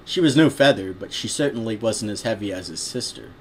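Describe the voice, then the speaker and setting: A man's voice: fairly low pitch, lively intonation, fairly quick, slight background noise. A man reading a story aloud in a casual way, breaking off with laughing, swearing asides. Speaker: reader. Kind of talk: casual read-aloud with commentary.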